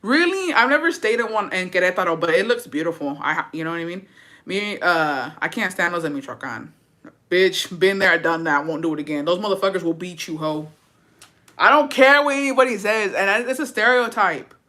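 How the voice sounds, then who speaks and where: A woman's voice: on the low side, expressive, brisk, pushed and bright. A woman reacting to viewer comments in blunt, profane, sassy casual chat, repeating points for emphasis.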